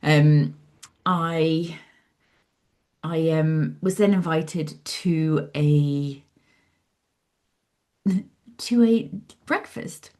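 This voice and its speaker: A deep-voiced woman draws out her words and pauses often. In her 40s, she's a psychologist and author being interviewed as a guest, and she tells her story animatedly, acting out what she used to think in lively asides.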